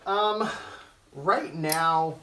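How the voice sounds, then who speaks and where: A man's voice: a little high, drawn-out words, sharp tone, slight background noise. A young adult man chatting casually on a live stream about reselling clothes, rambling with many fillers and restarts, his voice starting to wear out. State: losing his voice. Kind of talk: live-stream tips chat.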